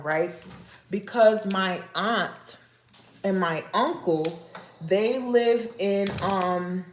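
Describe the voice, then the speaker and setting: A woman hosting a casual livestream, talking slowly and repeating herself as she confides in viewers and asks them nosy questions. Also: medium pitch. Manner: slow, repetitive, confiding and nosy. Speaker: livestream host. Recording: echoey room with faint noise.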